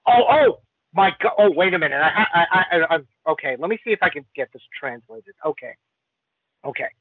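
A man's voice: on the high side, sing-song, a little fast, breathy edge, dry recording. A man reading listener letters on a podcast in a flustered, stammering way. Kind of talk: casual chat and letter reading. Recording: dry, phone-like narrow sound.

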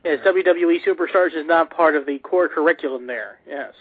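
A man's voice: fairly high pitch, a little fast, breathy edge, no room sound. A man co-hosting a casual chat show, rambling, joking and correcting himself as he talks. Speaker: podcast co-host. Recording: tinny phone-like line.

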